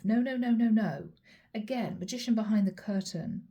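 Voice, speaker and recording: A woman giving an emphatic tarot reading to her viewers, repeating key phrases and voicing the listener's thoughts in quick asides. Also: mid-range voice, dark tone. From Europe. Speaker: tarot reader.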